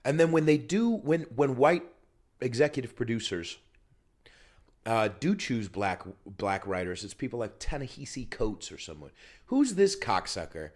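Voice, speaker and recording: Filming himself on camera, a male podcast host gets over a cold while delivering a profanity-heavy solo rant full of comedic riffs. His voice sits at medium pitch, very animated, at a moderate pace.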